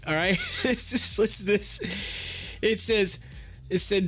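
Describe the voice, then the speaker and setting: A man's voice: sits high, normal speed, fairly bright tone, faint music behind. A man hosting a stock market livestream who tells a story in a rambling way, laughing as he goes. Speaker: stock market live streamer. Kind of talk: casual livestream chat.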